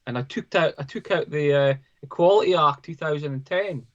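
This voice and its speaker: A man's voice: a little high, fairly bright tone, lo-fi sound. A man, a psychologist guest, telling stories in casual conversation, often restarting and repeating his words. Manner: halting, repeats words, storytelling.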